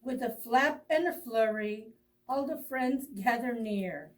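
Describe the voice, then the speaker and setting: A woman reads a picture book aloud to young children, drawing out each line at a very slow, deliberate pace. Her voice sits fairly high, and she breaks off for gasps and little questions to her listeners. She is a little far from the microphone. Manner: slow, expressive storytelling with gasps and asides to children. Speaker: children's librarian. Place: library storytime video.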